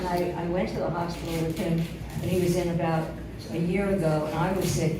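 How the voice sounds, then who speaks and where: A woman's voice: fairly low pitch, flat delivery, fairly quick, far from the mic, heavy background noise. A woman telling a fond, joking anecdote at a memorial gathering. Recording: echoey room with loud crowd.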